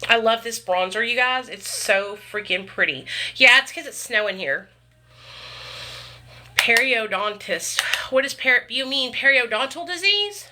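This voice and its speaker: A woman with an animated, sharp, fairly high voice chats casually with her livestream viewers at a measured pace. The vlogger is chatty, frequently says "you guys" and "y'all," and calls viewers honey and baby.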